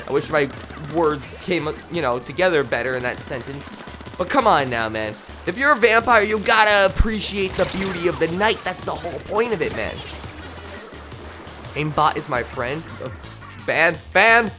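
Excitable guy streaming games, bright voice, goofy yelps and mumbles, faint game music behind. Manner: excitable, jokey, jumps from loud yelps to low mumbles. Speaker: gaming streamer. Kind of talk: live gameplay commentary.

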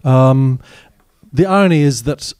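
A man's voice: mid-range voice, measured pace, darkish tone, clean tone, no echo, studio quality. A man, an actor as guest, telling candid, wry anecdotes in a live audience Q&A at a cinema. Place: cinema stage after a screening.

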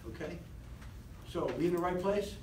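A man leading a live motivational sales seminar, animated and rousing, constantly quizzing his audience, recorded from a distance in an echoey training room. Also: high-pitched, normal speed, a crowd in the background. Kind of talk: live seminar talk to a class. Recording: echoey room, distant mic, faint hiss.

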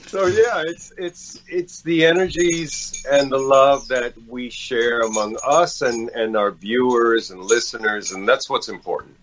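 A man's voice: medium pitch, a little slow, hardly any pauses, fairly bright tone. A man hosting a casual podcast, praising his guest effusively and repeating words as he goes. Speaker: podcast host. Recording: dull lo-fi call audio.

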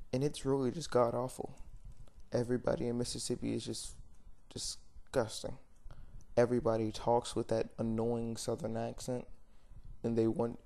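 With a mellow, mid-range voice full of vocal fry, a young vlogger delivers an off-the-cuff rant to camera. He's blunt and meandering, using lots of fillers and stopping often to correct himself.

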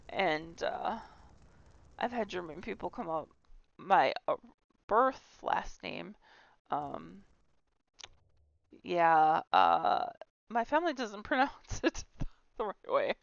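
A woman's voice: fairly low pitch, vocal fry, lo-fi sound. A woman hosting a casual tour of a game house, chatty, giggly and self-deprecating. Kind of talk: casual gameplay tour commentary.

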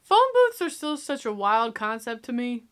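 A young woman hosting a movie reaction, in sassy, excitable casual commentary that talks back to the screen. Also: on the high side, normal speed, clean tone. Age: young adult.

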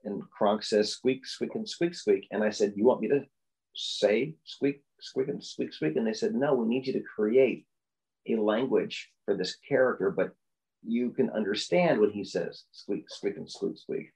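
A man who works as a voice actor, telling stories in a podcast interview and acting out the quoted lines with big leaps in pitch. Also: unhurried, gravelly, low-quality recording. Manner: animated storyteller, acts out quotes with big pitch jumps. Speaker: voice actor guest.

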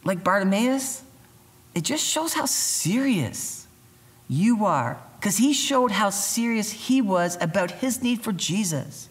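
A man preaching a youth sermon as pastor, talking in a lively, conversational way and acting out the voices of people in the story. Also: sits high, takes it slowly.

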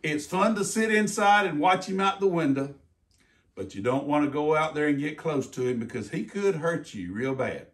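A man's voice: fairly high pitch, normal speed, recorded from a distance. Folksy older man, heard from afar. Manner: folksy, animated storytelling. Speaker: retired game warden. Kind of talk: educational talk for kids.

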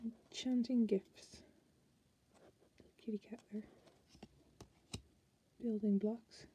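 A woman's voice: on the high side, fairly even intonation, drawn-out words, warm tone, a little hiss or hum. An Irish woman chatting casually as she flips through a card deck, musing aloud and restarting her sentences. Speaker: tarot card reviewer.

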